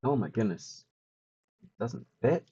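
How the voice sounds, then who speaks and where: Wry, husky-voiced male streamer. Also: mid-range voice, expressive, unhurried, mellow, dull audio. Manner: wry, teasing commentary. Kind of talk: casual live-stream chat.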